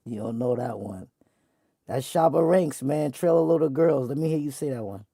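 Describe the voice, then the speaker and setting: A man's voice: medium pitch, normal speed, vocal fry, warm tone, slightly rough, dry recording, clean studio sound. A man hosting his show, teasing an AI in a casual, slangy back-and-forth. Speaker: show host. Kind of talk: casual chat with an AI.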